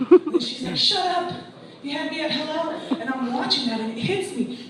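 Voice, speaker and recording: A woman's voice: sits high, expressive, a little fast. A woman from the US Midwest performing a brash, profane stand-up comedy set, laughing through her punchlines. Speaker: stand-up comic. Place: comedy club stage. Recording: echoey noisy club recording from far off.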